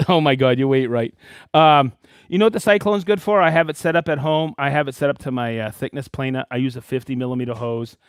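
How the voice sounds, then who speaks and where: A man hosting a live stream in a casual, excited way, calling out viewers by name and hometown. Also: mid-range voice, fairly quick, smooth, dry recording, clean studio sound. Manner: excited, animated, reading viewer shout-outs. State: worked up and dusty after a demo. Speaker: host of a live product show.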